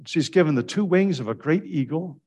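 A male preacher giving a conversational sermon, jumping high in pitch when acting out quotes and slipping in restarts and fillers. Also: fairly quick. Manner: animated storytelling with sudden pitch jumps when quoting.

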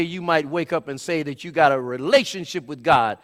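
Male preacher, high-pitched storyteller who rises to shouts; long hall reverb. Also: normal speed. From California, USA. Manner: storytelling, builds to shouted climaxes. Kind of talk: sermon.

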